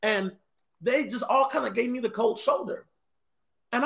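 A man's voice: very high-pitched, moderate pace, vocal fry, sharp tone. A man, a guest minister, telling a personal story earnestly with stammered restarts. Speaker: guest, apostle. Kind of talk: casual ministry discussion.

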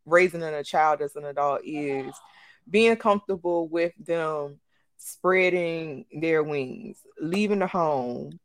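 A woman in her twenties or thirties co-hosting a casual podcast chat, with speech, animated and acting out quotes. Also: low voice, slow. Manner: animated, acts out quotes, frequent laughs. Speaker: podcast co-host.

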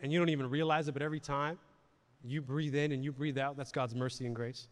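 A man's voice: mid-range voice, steady tone, fast talker, long reverb tail. A man preaching a sermon in a conversational way, repeating words and asking the audience questions. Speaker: pastor. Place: church hall.

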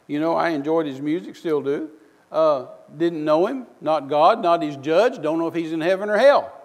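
High-pitched guy preaching, folksy stories, sometimes yelling, big echoey church. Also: animated, normal speed. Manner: storytelling, folksy, bursts of loud outrage. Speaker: preacher, missionary. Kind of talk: sermon.

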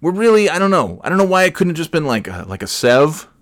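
Fast-talking and very animated, this forties-aged host carries a comedy podcast alone, cursing, restarting lines and drifting between tangents. His pitch is fairly high, and the studio sound is clean with no echo.

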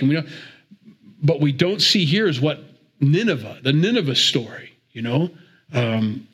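A man's voice: a little high, a bit bright, breathy edge. A man giving a conversational Bible teaching, chatty and digressive, with repeated words and chuckles.

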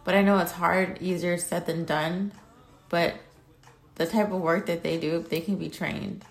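A woman's voice: on the low side, fairly even intonation, a little slow. A young woman vlogging at home, talking in a blunt, ranting way and swearing freely. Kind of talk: casual chat.

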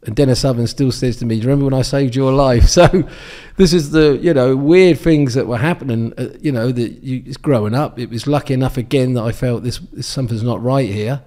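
His voice is mid-range and mellow, fairly quick, with hardly any pauses. The speaker is a former darts champion from England in his sixties, a guest in a casual interview who rambles through anecdotes with many ums and restarts.

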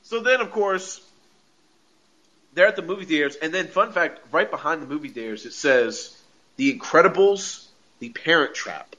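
A man with a somewhat high, bright, forceful voice chats loosely through a TV episode recap, stringing thoughts together with "like" and breaking into laughter. The audio is dull and lo-fi, as on a home podcast setup. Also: lively intonation, moderate pace. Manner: rambling, heavy on filler "like", laughs often. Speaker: podcast co-host.

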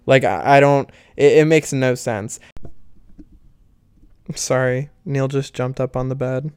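A young man talks straight to his viewers in a slow, easy way. His voice is smooth and clear, recorded close with no room sound. He rambles candidly, laughs often and swears freely. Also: medium pitch, fairly even intonation, a little mellow, no room sound. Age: young adult. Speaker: vlogger. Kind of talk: casual talk to camera.

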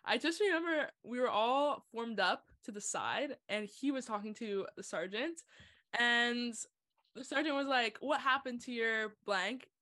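A woman's voice: a little high, lively intonation, unhurried, a bit bright. A woman hosting a podcast, chatting casually, laughing as she shares her own training stories. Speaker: podcast host. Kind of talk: casual chat.

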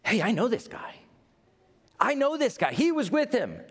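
An insistent young servant girl, as a preacher puts her on, jabs with a shrill, high accusation. She raises her voice and will not let the point go. The voice sits far above the man's own. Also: huge pitch swings, moderate pace, breathy edge, big-room sound, full character voice. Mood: accusing. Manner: nagging, pointing someone out.

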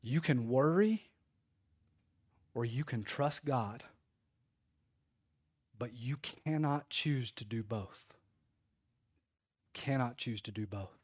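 A man's voice: medium pitch, animated, slow pace, pauses often, breathy edge. A man, preaching a folksy sermon in church with call-and-response to the congregation. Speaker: pastor. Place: church sanctuary.

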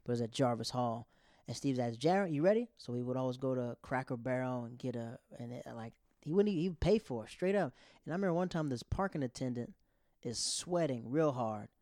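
A man in his thirties tells a rambling, grieving personal story, stopping and restarting as he goes. His pitch sits at an ordinary middle height. The sound is dry and close, with no room echo. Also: a little mellow. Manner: rambling, halting, with many restarts.

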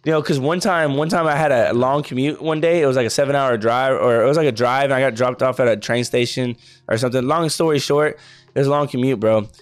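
Young male podcast co-host, rambling casual storyteller, mid-pitched, faint music behind. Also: fast, no echo. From Texas. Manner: rambling, says "bro" a lot.

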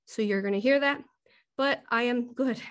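This woman's voice sits on the high side and moves at normal speed as she hosts a live spiritual question-and-answer session. A host and hypnosis teacher, she's emotional, often laughing, and a bit short of breath.

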